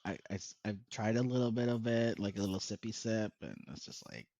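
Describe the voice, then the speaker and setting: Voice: medium pitch, fairly quick, warm tone, no echo. A podcast co-host in casual chat, reacting with exclamations and laughs.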